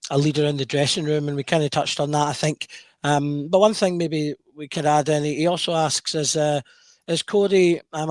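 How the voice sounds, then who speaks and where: A man's voice: a little high, no echo, clean studio sound. A man hosting a podcast, reading out listener questions in a hesitant way with many fillers. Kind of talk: casual podcast chat.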